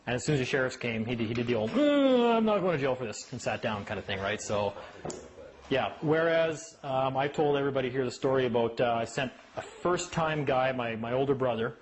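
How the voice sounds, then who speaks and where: Animated man telling courtroom stories. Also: mid-range voice, fairly quick, a little hiss or hum, poor audio. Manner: animated storyteller who acts out voices. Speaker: speaker on legal rights. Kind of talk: casual talk to a small group.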